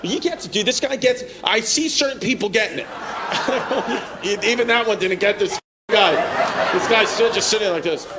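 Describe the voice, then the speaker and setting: A man's voice: high-pitched, normal speed. A man doing stand-up crowd work, brash and profane, laughing at his own jokes. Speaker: stand-up comedian. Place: comedy club stage before a laughing crowd. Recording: club mic with loud crowd laughter and room noise.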